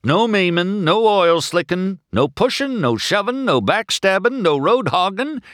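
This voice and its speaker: A man voicing a stern old male sheriff police car who announces rules in a loud, drawn-out way. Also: dry recording, clean studio sound, full character voice. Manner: booming, drawn-out rule list.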